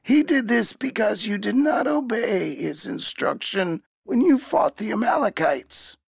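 Stern old prophet spirit, man acting, loud condemning tone, slow and dry. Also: high-pitched, wildly swooping pitch, vocal fry, breathy edge, dry recording, full character voice. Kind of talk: audio drama acting.

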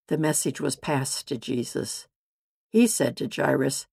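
A woman narrating a Bible story in a measured, deliberate scripted reading. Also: very deep voice, animated, creaky, darkish tone, breathy edge, no echo, studio quality.

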